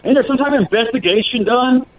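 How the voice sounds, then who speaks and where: A man calls into a sports radio show, pressing his point hard and insistently. His voice is high for a man. It comes through a tinny phone line. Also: fast talker. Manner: emphatic, argumentative, keeps saying "okay". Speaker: caller. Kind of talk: call-in radio talk.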